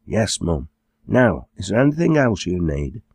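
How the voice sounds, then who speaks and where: A man's voice: low-pitched, big pitch swings, a little mellow, slightly rough, no room sound, exaggerated voice. A man doing a cheeky teenage farm girl. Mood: teasing. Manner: cheeky, quick-witted.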